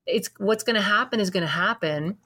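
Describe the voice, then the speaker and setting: A woman's voice: mid-range voice, fairly quick, pushed and bright. A woman hosting an interview podcast in casual chat, enthusiastic and encouraging. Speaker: podcast host. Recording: hollow, barrel-like sound.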